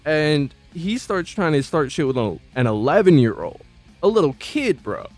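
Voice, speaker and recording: A man's voice: a little high, very animated, moderate pace, a little mellow. A man casually telling stories from his old job, slangy and profane, stumbling over restarts. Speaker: vlogger recounting old job. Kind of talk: casual storytelling. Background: faint background music.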